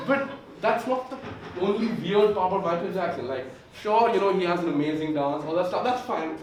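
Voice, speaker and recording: A man's voice: high voice, expressive, slow, long pauses, very noisy. A sick young man doing stand-up comedy in a rambling, filler-heavy way. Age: young adult. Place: comedy club stage, indoors. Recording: echoey room heard from far off.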